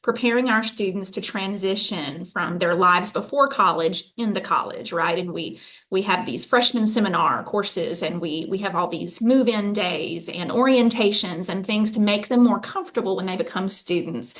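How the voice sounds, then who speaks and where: A woman's voice: mid-range voice, moderate pace, fairly bright tone. A woman, a university faculty member giving a conversational presentation over a video call, chatty and full of fillers. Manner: chatty storyteller, lots of fillers.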